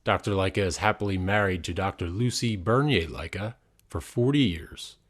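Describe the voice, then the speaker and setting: A man's voice: deep voice, moderate pace. Polished male podcast host. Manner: polished, reads a prepared intro. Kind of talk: scripted show intro and interview questions.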